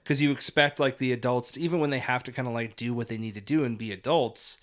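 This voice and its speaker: Guy cohosting a movie podcast, mid-pitched, laughs a lot, lots of likes and ums. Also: quick pace. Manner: animated, laughs often, many fillers. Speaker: podcast co-host. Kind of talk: casual film review chat.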